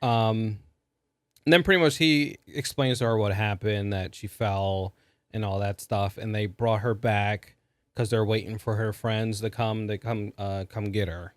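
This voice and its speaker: A man's voice: fairly low pitch, steady tone, unhurried, no echo, clean studio sound. A man co-hosting a podcast, casually retelling a movie's plot with lots of fillers and chuckles. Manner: rambling with many fillers and laughs. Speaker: podcast co-host. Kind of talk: casual movie review chat.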